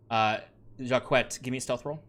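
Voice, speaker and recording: A man's voice: mid-range voice, fairly even intonation, measured pace, fairly bright tone. A man narrating as game master of a tabletop game, rambling with many fillers.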